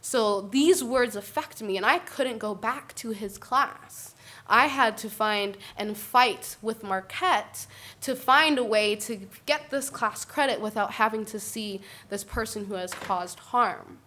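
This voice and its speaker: A woman speaking on a panel discussion, animated and often checking in with "right?". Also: fairly high pitch, slow. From Puerto Rican family. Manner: animated, tags points with "right?".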